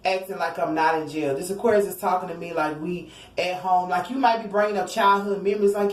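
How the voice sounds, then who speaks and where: A woman's voice: lowish voice, steady tone, a little fast, reverberant, low-quality recording. A woman giving a casual tarot reading, talking in a chatty, slangy way and acting out what people might say. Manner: chatty, slangy, acts out quotes, sings snatches of songs. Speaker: tarot reader.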